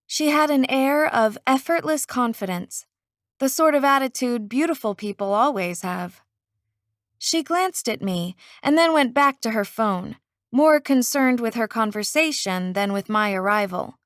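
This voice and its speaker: A woman narrating a first-person novel audiobook in an expressive, unhurried way. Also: a little high, no room sound, studio quality.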